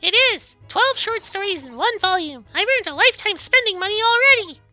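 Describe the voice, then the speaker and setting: A bubbly, eager little girl, put on by a man reading a game aloud, her voice sitting very high and bouncing lively up and down. The tone is bright and ringing, full of excitement about mystery. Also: normal speed, no room sound, soft background music, full character voice.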